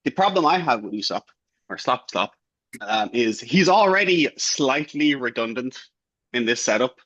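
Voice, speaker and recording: Excitable man on a dull lo-fi mic. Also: medium pitch. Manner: excitable, swears, quick outbursts. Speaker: podcast co-host. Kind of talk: casual chat. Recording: lo-fi dull sound.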